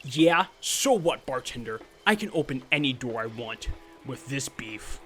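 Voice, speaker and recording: A man's voice: mid-range voice, big pitch swings, unhurried, a bit bright, faint music behind. A man voicing a brash young male gym-bro customer at a bar in a game, pushy and demanding. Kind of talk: game character voice.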